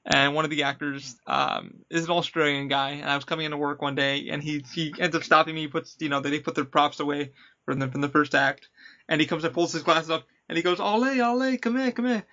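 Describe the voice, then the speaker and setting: Gravelly, bright-voiced man telling stories. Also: a little high, brisk, lo-fi sound. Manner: animated storyteller acting out quotes. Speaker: podcast host, former attraction worker. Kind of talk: casual chat, storytelling.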